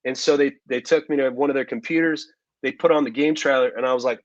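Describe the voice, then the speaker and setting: A man, an actor as interview guest, telling stories in a relaxed way with many fillers and asides. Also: medium pitch, fast talker, dry recording, lo-fi sound. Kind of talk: casual interview storytelling.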